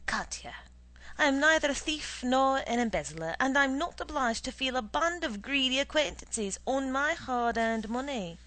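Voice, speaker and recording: A woman's voice: high-pitched, animated, normal speed, bright, forceful tone, voice pushed up, low-quality recording. A woman reading the part of a stingy, stern middle-aged husband who lectures in a dry voice. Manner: dry, lecturing, penny-pinching.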